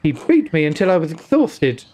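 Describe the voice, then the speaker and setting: A man's voice: a little high, very animated, moderate pace, a little mellow. A man voicing a young nun who survived an attack, reading her lines in a put-on Welsh accent. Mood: sorrowful. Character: traumatized young nun, quiet and guarded.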